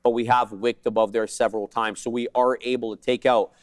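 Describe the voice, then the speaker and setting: A man co-hosting a live trading broadcast, rattling off prices, stops and spreads with casual joking asides. His voice sits at a middling pitch, recorded close and dry in a studio. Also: level tone, dry recording. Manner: fast jargon-filled trade calls, joking asides. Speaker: day trading show co-host.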